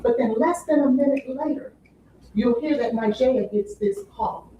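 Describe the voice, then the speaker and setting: A woman with a high, mellow voice speaks at normal speed as defense attorney, giving an opening statement in which she emphatically repeats "you'll hear" to the jury. The echoey courtroom sound is captured from a distance, with slight background noise.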